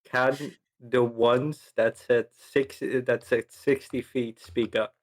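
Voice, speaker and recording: Slow-talking exasperated male player. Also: mid-range voice, little pitch movement. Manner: swears and laughs in exasperation. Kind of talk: playing a tabletop game on a live stream.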